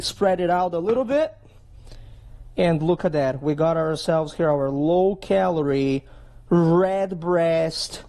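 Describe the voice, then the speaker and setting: A man's voice: a little high, vocal fry, darkish tone. A man with a Philadelphia accent chatting through a casual cooking vlog in his home kitchen, eating and savoring between lines. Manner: chatty, tags lines with "okay?" and "right?". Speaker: fishing vlogger.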